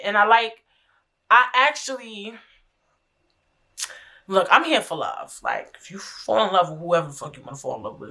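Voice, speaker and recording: A woman's voice: mid-range voice, pushed and bright. A young American woman hosting her own podcast, talking frankly and casually, with lots of profanity and laughter. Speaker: podcast host. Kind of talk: casual solo podcast chat.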